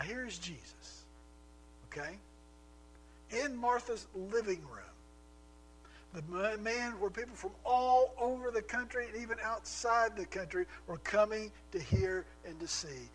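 A male preacher with a slightly high voice tells a scripture story as a sermon, asking the congregation rhetorical questions. Faint music plays softly behind him. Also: poor audio. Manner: storytelling, acting out quoted lines with rhetorical questions.

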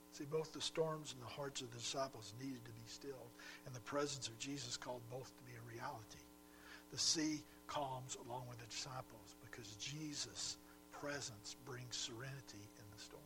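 A man preaching a sermon as pastor, swinging between loud emphatic pushes and quiet drops, with a faint mains hum behind. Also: a little high, moderate pace, faint music behind, poor audio.

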